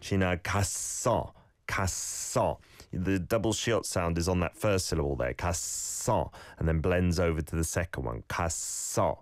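A man hosting a radio show who coaches listeners' pronunciation, patiently repeating sounds slowly and explaining small corrections. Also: deep voice, no echo. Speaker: radio host teaching Korean. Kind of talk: casual radio talk with language tips.

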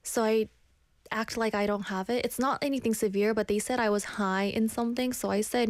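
A young woman radio DJ chats casually and pokes fun at herself, her voice set a touch high. She sounds a little out of breath. The studio sound is close and dry. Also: fairly even intonation, fairly quick, no echo. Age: 20s. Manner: chatty, self-deprecating, reads viewer comments aloud. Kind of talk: casual live radio chat.

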